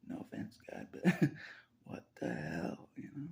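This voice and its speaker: A man's voice: a little high, flat delivery, a little slow, gravelly, darkish tone. A man hosting his own channel, talking in a rambling confessional monologue that he often half-whispers, swearing casually and laughing between lines. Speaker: YouTube channel host.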